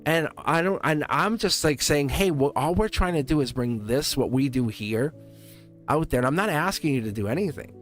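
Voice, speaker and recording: A middle-aged man with a Boston accent leads a live tarot reading in a chatty, straight-shooting way, often breaking into giggles. His voice swings up and down with lively energy. Faint music plays behind him. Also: on the high side, normal speed. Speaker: tarot reader.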